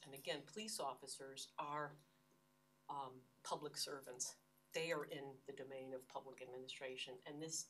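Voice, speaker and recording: With an extremely low pitch and a fairly bright tone, an older American woman lectures in a university hall, earnest and emphatic and often restarting phrases. The recording is distant, with slight background noise.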